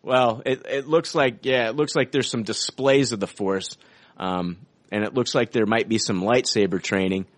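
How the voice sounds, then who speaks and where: An excitable man of middling pitch, co-hosting a casual podcast and swearing freely as he talks. The sound is dry and close, with no room around him. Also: moderate pace, no room sound. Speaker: podcast co-host. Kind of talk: casual film discussion.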